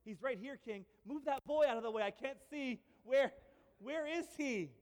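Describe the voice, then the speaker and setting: A man's voice: very high voice, moderate pace, darkish tone, in a large hall, pitched above the performer's own voice. A man voicing an impatient, panicky king who keeps asking in disbelief. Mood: incredulous.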